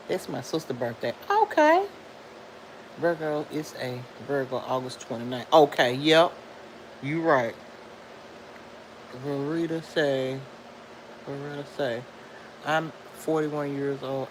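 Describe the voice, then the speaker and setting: A middle-aged woman hosting a casual livestream, chatting loosely and reading viewer comments aloud in a lively voice that swoops high for emphasis. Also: a little hiss or hum, poor audio.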